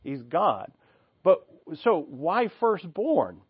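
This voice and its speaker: A man's voice: high voice, big pitch swings, drawn-out words, husky, no room sound, dull audio. A man preaching an expository sermon, reading scripture aloud and explaining it in an earnest, teaching way, thinking aloud with restarts.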